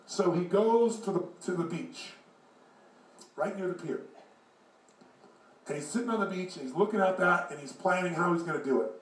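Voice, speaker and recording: High-voiced animated male storyteller. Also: moderate pace, long pauses. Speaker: motivational speaker. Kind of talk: motivational storytelling talk. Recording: echoey room, far from mic.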